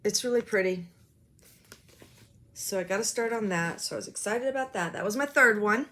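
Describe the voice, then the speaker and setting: A woman's voice: mid-range voice, moderate pace, sharp tone, a little hiss or hum. A woman chatting casually about her stitching projects, rambling and self-deprecating, with lots of ums. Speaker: cross-stitch vlogger. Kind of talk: casual show-and-tell chat.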